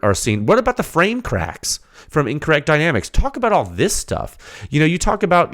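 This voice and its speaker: This podcast host is a man with a mid-range voice who opens his technical episode in an animated rant full of quick rhetorical questions. Eventually he settles in and explains the data.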